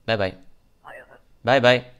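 A man's voice: mid-range voice, slow pace, a bit bright, a little hiss or hum. Man in a mock Russian accent. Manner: curt, stern official tone toward game characters. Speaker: let's play gamer. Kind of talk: gameplay commentary in character as a border guard.

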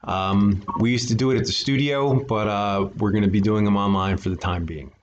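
A man's voice: lowish voice, moderate pace, slight background noise. A man reading a children's picture book aloud as a storyteller, breaking off for chatty asides to his listeners. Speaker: storyteller for an art studio. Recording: dull lo-fi recording.

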